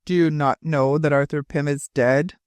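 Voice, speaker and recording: A man's voice: on the high side, fairly even intonation, normal speed, darkish tone, clear, resonant tone, dry recording, natural voice. A man reading the part of a stern ship captain who speaks in a tone of command. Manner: commanding, demanding tone.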